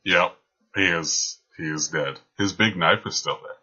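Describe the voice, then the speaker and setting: A man's voice: sits low, measured pace, sharp tone. A man narrating as game master of a tabletop game, with dry, teasing remarks. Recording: dull lo-fi sound.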